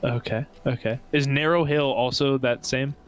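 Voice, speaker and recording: A man's voice: medium pitch, moderate pace, clear, resonant tone, faint music behind. A man playing a tabletop game, asking the game master questions and laughing often. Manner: excitable, asks questions, laughs. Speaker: player. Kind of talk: casual tabletop play.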